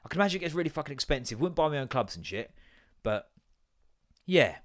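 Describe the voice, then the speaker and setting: A man's voice: a little high, sing-song, quick pace. Sweary man rambling through stories. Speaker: podcast host. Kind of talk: casual comedic monologue.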